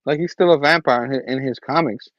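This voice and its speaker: A man's voice: medium pitch, fast talker, fairly bright tone, no room sound, lo-fi sound. A man hosting a casual comic book review show, recapping the story in a rambling way. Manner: rambling recap with restarts and acted quotes. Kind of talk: casual chat.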